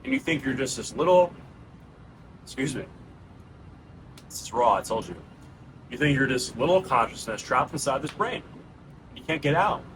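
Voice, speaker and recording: Here the same kind of channel host, a New York man in his thirties, speaks at a moderate pace with lively intonation and frequent pauses. His medium-pitched voice is a bit bright. The recording is rough, with slight background noise, as he earnestly and casually calls his viewers "bro" and "guys" in a raw personal monologue to camera.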